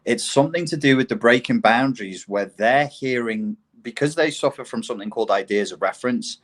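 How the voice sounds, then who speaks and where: A man's voice: medium pitch, brisk, fairly bright tone. A man in casual conversation, blunt and profane, mocking opinions he disagrees with.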